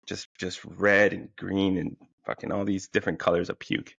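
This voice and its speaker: A man's voice: sits low, huge pitch swings, a little slow, creaky, fairly bright tone, husky, dry recording. A man telling a funny story in a rambling, profane way, full of fillers and restarts, sounding a little tired. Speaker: podcast host. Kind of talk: casual comic storytelling. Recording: dull lo-fi, dry sound.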